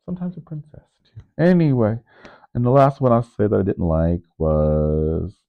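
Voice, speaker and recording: A man vlogging in a rambling, animated way, nervous on camera, who keeps jumping into sudden high, loud bursts. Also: a little slow. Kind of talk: casual vlog monologue. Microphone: microphone. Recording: narrow phone-like sound.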